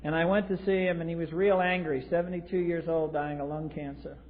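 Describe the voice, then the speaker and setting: A man from the US East Coast tells his recovery story from a podium in a large convention hall, blunt and wry with dry humor. His slightly high voice moves fairly quickly with fairly even intonation, captured on tinny lo-fi 1980s tape in a reverberant hall.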